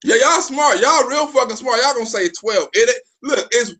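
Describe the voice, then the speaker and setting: A man hosting a casual livestream chat, loose and slangy, swearing freely and bursting into shouts. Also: very high voice, expressive, normal speed. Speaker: livestream host.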